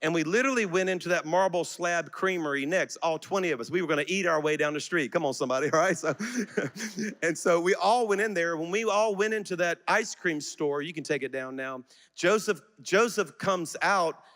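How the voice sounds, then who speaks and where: A middle-aged man preaching a sermon, telling a personal story that swells into fervent, shouted exhortation to the congregation. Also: on the high side, fairly quick. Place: large auditorium church. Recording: long reverb of a large auditorium.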